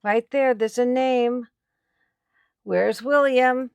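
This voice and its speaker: A slightly high, steady voice that's both gravelly and smooth comes at a slow pace, recorded with clean studio sound and no echo. She's an antiques picker with her own channel, talking casually on camera at an estate sale and showing off her finds with chatty excitement.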